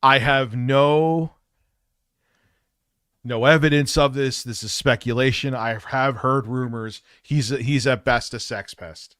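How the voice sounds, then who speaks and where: A man's voice: medium pitch, fairly even intonation, normal speed, few pauses, fairly bright tone, no room sound. Guy streaming, sneering at a clip, dry close sound. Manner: mocking and combative. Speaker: livestream host. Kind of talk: reaction commentary on a livestream.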